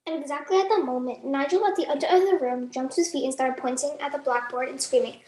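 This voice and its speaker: A woman giving a dramatic reading of a novel passage, jumping into shrill voices for shouted lines. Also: fast, few pauses, reverberant, low-quality recording. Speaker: student performer.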